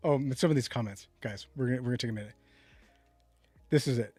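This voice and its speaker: A man's voice: mid-range voice, fast, darkish tone, dry recording, faint music behind. A man co-hosting a casual livestream tech chat, rambling and correcting himself as he reads viewer comments. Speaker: podcast co-host.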